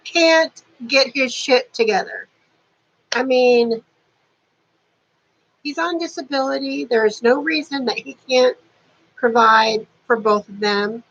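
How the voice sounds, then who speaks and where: A woman's voice: high-pitched, slow pace, pauses often, fairly bright tone, highs cut off. A woman in her fifties chatting casually to camera at home, dropping dry sarcastic asides. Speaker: beauty vlogger. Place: warm apartment at home.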